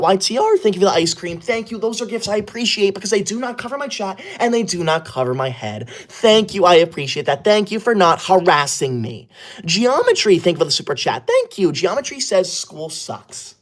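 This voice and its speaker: An actor playing a bossy, easily offended young male livestreamer who scolds his viewers while keeping his voice hushed, streaming from an upstairs room away from home. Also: on the high side, lightly acted. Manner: indignant, scolding, keeps voice hushed. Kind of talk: comedy skit of a live stream.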